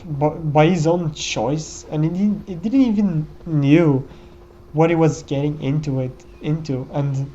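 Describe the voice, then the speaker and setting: A man's voice: a little high, measured pace, mellow, dull audio. A man giving casual gameplay commentary in a reflective, musing way, often tagging his thoughts with "you know.".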